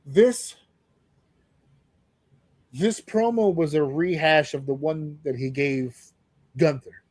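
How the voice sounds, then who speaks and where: Man, podcast co-host, casual wrestling talk, high voice, profane, animated, exaggerated quotes, dry close sound. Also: slow pace, no room sound.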